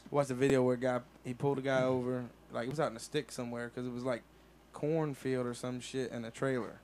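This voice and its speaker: A man's voice: mid-range voice, level tone, quick pace, a little mellow, a little hiss or hum. A man telling a rambling story in a casual group chat, swearing freely. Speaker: cast member.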